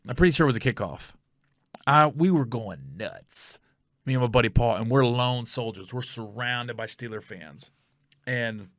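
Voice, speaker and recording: Gravelly man telling a rambling story. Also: medium pitch, sharp tone, dry recording, studio quality. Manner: rambling, corrects himself, checks facts aloud. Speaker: podcast host. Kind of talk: casual storytelling.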